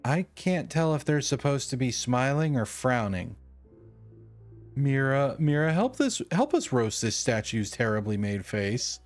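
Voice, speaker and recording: Slow, chatty game streamer. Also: mid-range voice, lively intonation, soft background music. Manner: chatty, joking, reads text aloud. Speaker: streamer playing a video game. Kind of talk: let's play, reading game text aloud.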